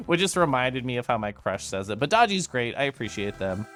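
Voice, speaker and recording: A man's voice: mid-range voice, sing-song, moderate pace, fairly bright tone, soft background music. A man chatting casually to his livestream viewers, giggly and bubbly, with lots of asides. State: tipsy from whiskey earlier. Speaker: streamer recapping VR chat meetups.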